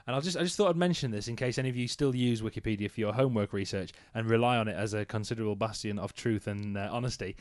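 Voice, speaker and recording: Fast-talking wry English man. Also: fairly low pitch, no echo, clean studio sound. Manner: quick, jokey and wry. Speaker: podcast co-host. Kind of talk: casual football chat.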